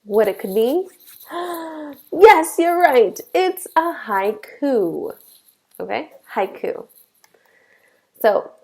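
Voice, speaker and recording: Slow, gravelly-voiced woman teacher. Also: mid-range voice, darkish tone. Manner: slow, deliberate explaining with frequent "okay?" checks. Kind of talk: classroom lesson.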